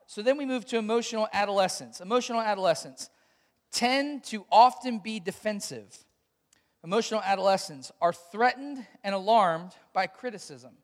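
A pastor delivering a sermon, emphatic, with dramatic pauses and sudden soft asides. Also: male voice, high-pitched. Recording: long hall reverb.

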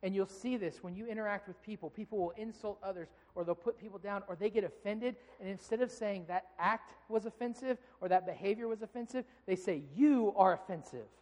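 A pastor in his thirties, high-voiced and a little fast with hardly any pauses, preaches earnestly and directly to a congregation. His acted-out stories grow heated and animated with anger, ringing in the long reverb of a large hall.

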